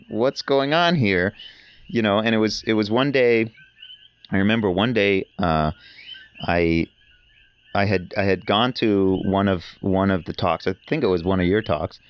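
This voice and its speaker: Low-voiced man telling rambling stories. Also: normal speed, clean tone, dull audio. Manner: rambling, enthusiastic storytelling. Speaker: podcast guest. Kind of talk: casual conversation.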